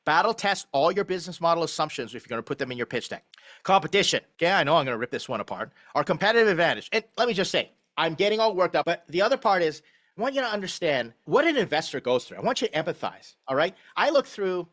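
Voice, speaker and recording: A middle-aged man gives a blunt, animated critique of a startup pitch deck during a live online session. His voice sits a little high, and he pushes hard on his points like a frustrated teacher. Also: quick pace.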